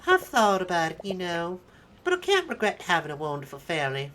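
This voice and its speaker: A woman's voice: fairly low pitch, huge pitch swings, a little fast, fairly bright tone, a little hiss or hum. A woman voicing a witty, teasing retired old seamstress, reading game dialogue aloud in a proud, chatty manner.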